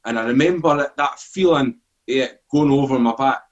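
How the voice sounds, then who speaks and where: A Scottish man in his forties talks at normal speed in a mid-range voice, with the highs cut off in the recording. He is a podcast guest telling a sweary, animated story and acting out what people said.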